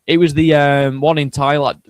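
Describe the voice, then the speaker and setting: A young man co-hosting a casual chat, relaxed and chuckling, often restarting his sentences. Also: fairly high pitch, moderate pace, dry recording. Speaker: co-host.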